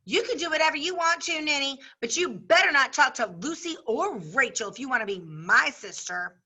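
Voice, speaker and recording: A woman teacher reading a novel aloud to her class, giving the characters lively voices, then talking the passage over plainly. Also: high-pitched, moderate pace.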